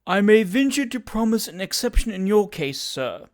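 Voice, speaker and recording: Leo Hunter, a grave and pompous gentleman, gushing with formal courtesy, as a reader puts him on. Higher and more insistent than a plain narrating voice, in a storybook reading. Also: big pitch swings, normal speed, close to an everyday voice. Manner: formal, effusive, repeats sir. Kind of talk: audiobook character reading.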